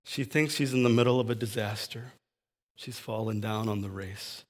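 A male pastor delivering a sermon with real passion. His voice climbs and swells on emphatic lines, then drops to a near hush for tender moments. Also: on the low side, fairly even intonation, normal speed. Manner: impassioned, swings from loud to hushed.

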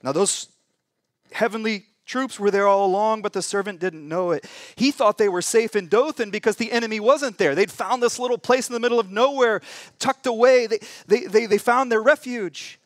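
A man preaching a sermon in a church, telling a scripture story with humorous asides and big swings between loud and hushed delivery. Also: normal speed, no echo, clean studio sound. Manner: dramatic storytelling with wide swings in pitch and volume. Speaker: pastor.

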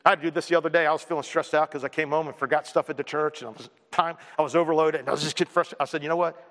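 High-voiced preacher man in a reverberant hall. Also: very fast. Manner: energetic, repetitive and joking. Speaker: pastor. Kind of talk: sermon.

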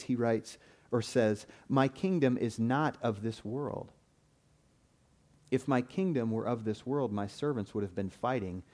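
A man's voice: mid-range voice, darkish tone. A man preaching a sermon in an earnest way, often repeating a word as he starts a phrase.

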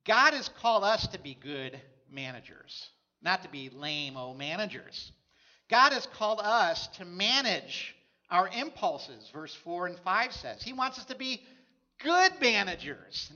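A man's voice: sits high, very animated, unhurried, pushed and bright, lo-fi sound. A man preaching a sermon as a pastor, telling stories in a conversational way.

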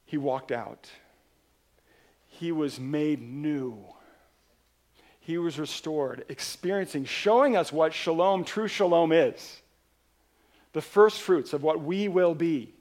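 A man preaching a sermon as pastor, telling a story in an animated way and driving points home with emphatic repetition. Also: on the high side, slow pace, long pauses.

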